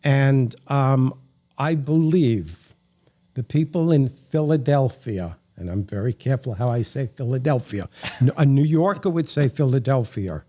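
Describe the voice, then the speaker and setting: New York man, mellow, wry guest storyteller. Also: medium pitch, expressive, unhurried. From New York, Bronx. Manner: leisurely, chatty storyteller, wry humor. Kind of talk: casual interview chat.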